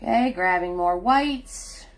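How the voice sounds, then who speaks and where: Middle-aged woman, unhurried and chatty; live painting host who laughs easily and greets her viewers. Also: on the low side. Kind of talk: casual live painting instruction.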